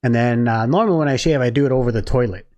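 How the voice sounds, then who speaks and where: A man co-hosting a podcast, telling a crude family anecdote in relaxed, profane casual chat. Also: medium pitch, racing. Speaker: podcast co-host.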